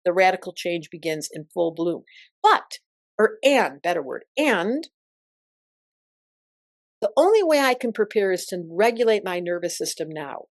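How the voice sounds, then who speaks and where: An older woman, an astrologer guest in an interview, telling stories in an emphatic, expressive way. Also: medium pitch, dry recording, studio quality. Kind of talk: interview conversation.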